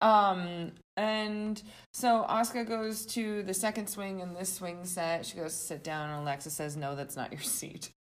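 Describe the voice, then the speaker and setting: A woman co-hosting a podcast, chatting casually as she recaps what happened. She laughs often and slips into little acted-out quotes. Her pitch sits in a middle range. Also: measured pace, few pauses. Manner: giggly, animated storytelling with quoted asides. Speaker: podcast co-host.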